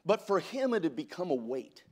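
Middle-aged preacher from California, stammering storyteller. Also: male voice, fairly high pitch, big pitch swings, moderate pace, a little mellow. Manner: storytelling with repeated stammered restarts; reads scripture aloud in a rising preaching cadence. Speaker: pastor. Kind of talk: sermon.

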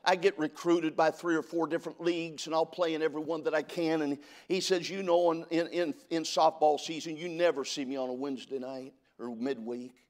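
Middle-aged preacher from California, stammering storyteller. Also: male voice, fairly high pitch, fairly even intonation, a little fast, few pauses. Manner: storytelling with repeated stammered restarts; reads scripture aloud in a rising preaching cadence. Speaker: pastor. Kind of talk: sermon.

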